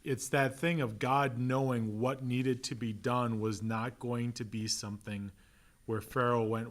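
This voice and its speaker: A pastor teaching a relaxed Bible class, conversational and joking, with an Upper Midwest American accent. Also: male voice, medium pitch. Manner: conversational, asks "right?" often, acts out quick voices. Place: church classroom.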